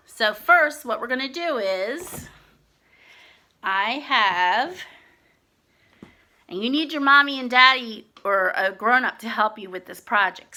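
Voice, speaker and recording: A woman reading a picture book aloud to young children in a slow, expressive sing-song voice, then showing a simple craft. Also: a little high. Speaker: children's storyteller and craft host.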